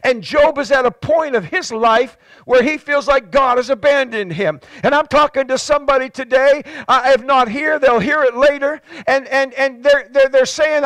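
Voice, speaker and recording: A male pastor with a New England accent preaching a fervent sermon, stacking repeated words and swelling into shouts. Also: normal speed, few pauses, no room sound. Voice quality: high-pitched and impassioned, repeating words as he builds.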